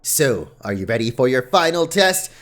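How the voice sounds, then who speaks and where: A man voicing a formidable female league champion from a game, reading her lines in a measured, formal way with a lowered voice. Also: big pitch swings, a bit bright.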